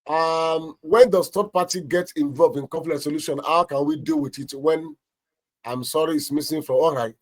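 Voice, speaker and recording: A pastor and marriage counselor with a Nigerian accent speaks on a talk show, offering emphatic, preacher-style advice on marriage and acting out brief anecdotes. His voice is on the high side, at a normal speed.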